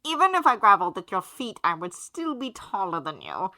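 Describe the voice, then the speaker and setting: A woman voicing a sardonic, theatrical male demon in a fan-made audio story, speaking loudly in a posh, mocking manner. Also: medium pitch, big pitch swings, brisk, no echo.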